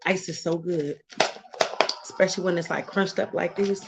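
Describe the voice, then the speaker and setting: A woman's voice: lowish voice, steady tone, normal speed, gravelly, background noise. A middle-aged woman chatting casually on a live stream, greeting viewers by name and laughing often.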